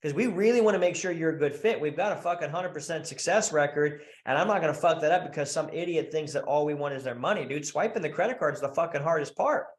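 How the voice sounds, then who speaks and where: A man's voice: a little high, quick pace, hardly any pauses, roomy sound. Blunt, profane man with a raised voice. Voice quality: profane, blunt, animated storytelling. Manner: acts out quoted voices mid-sentence. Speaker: guest, founder of a coaching program for married men. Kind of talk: podcast interview.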